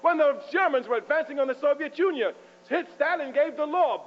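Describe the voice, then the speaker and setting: Fiery high-voiced man lecturing. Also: lively intonation, normal speed. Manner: emphatic, provocative, chuckling often. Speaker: political speaker. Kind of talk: fiery lecture to a live audience. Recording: muffled lo-fi with faint mains hum.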